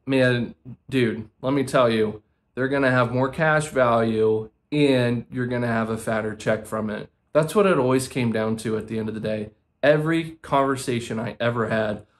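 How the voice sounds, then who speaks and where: Earnest, impassioned young American man. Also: mid-range voice. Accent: American English. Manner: earnest and impassioned, repeats words for emphasis; casual, says "man" and "dude" often. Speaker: vlogger, former financial advisor. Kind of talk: emotional unscripted monologue.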